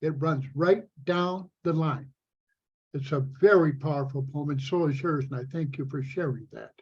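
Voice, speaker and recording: Husky, emphatic man on a muffled call. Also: a little high, moderate pace, darkish tone. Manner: earnest and emphatic. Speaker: editor and poet. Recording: muffled video call audio.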